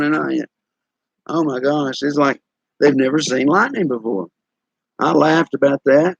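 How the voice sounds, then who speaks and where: A Tennessee man in his sixties, live-streaming, tells folksy stories to his chat viewers in a drawling East Tennessee Southern accent, chuckling as he goes. His medium-pitched voice is gravelly with a breathy edge and a moderate pace. The audio is poor but has no echo.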